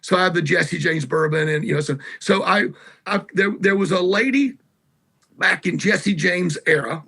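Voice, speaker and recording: Bright-voiced Southern man telling stories. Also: high-pitched, normal speed, gravelly, slightly rough. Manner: rambling, salty anecdotes. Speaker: guest musician. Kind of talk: casual interview storytelling. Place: garage.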